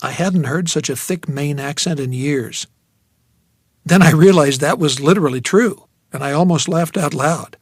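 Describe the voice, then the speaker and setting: Wry, slightly high male narrator. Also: moderate pace, no echo, clean studio sound. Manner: wry, reflective. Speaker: audiobook narrator. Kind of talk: first-person novel narration.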